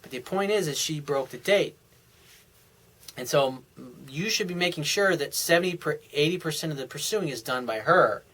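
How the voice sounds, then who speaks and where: A man's voice: fairly high pitch, expressive, moderate pace, a bit bright. A man talking as a dating coach, giving casual advice in a blunt, frank and profane way, often restarting his sentences.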